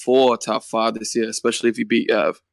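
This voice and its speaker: A man's voice: fairly low pitch, brisk, vocal fry, no echo. A man calling into a podcast, laying out his argument point by point. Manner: steady, makes his case point by point. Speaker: guest commentator. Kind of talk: casual debate call-in.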